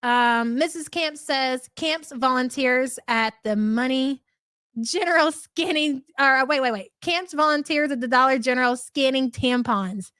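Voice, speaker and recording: A woman's voice: high voice, unhurried, fairly bright tone, clear, resonant tone, dry recording, studio quality. A middle-aged woman hosting a live reaction stream, talking bluntly and profanely with scornful laughs. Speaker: host.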